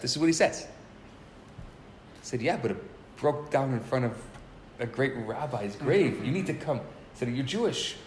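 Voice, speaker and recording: A man in his forties, a rabbi teaching a live class, telling a story in a lively way and often restarting and repeating words. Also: medium pitch, measured pace, long pauses. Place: classroom at a community center. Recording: roomy live recording with faint noise.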